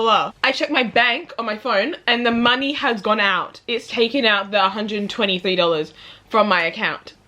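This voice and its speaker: A woman telling stories in a casual reading vlog, chatty and animated, acting out what people said and laughing often. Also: on the high side. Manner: chatty storytelling, acts out quotes, laughs often. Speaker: book vlogger.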